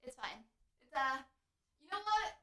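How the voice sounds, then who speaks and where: A young adult woman streamer chatting with her viewers in her home kitchen, excitable and joking, out of breath from standing and kicking. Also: sits high, unhurried. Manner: bubbly, excitable, joking with chat. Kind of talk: casual live-stream chat. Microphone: streaming mic, wearing headphones.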